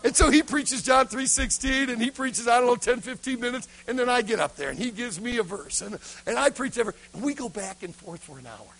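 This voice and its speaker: A man preaching a sermon to a youth conference, telling a story dramatically and swinging between loud praise and hushed intensity. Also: very high-pitched, brisk, few pauses, poor audio.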